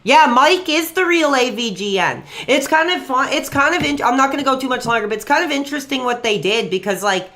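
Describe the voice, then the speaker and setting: A man's voice: very high-pitched, animated, brisk, hardly any pauses, sharp tone. A young man streaming live and taking calls, rambling with fillers and flaring into angry rants at trolls. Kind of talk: live stream call-in chat.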